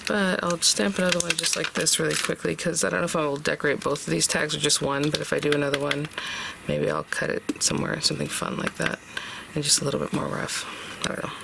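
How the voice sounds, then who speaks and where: A chatty crafter walks through a project step by step, thinking aloud as the work goes. The voice has a heavy gravelly fry at a middle pitch. A steady noise hums behind it. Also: fast, hardly any pauses. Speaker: craft tutorial host. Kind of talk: casual step-by-step craft tutorial.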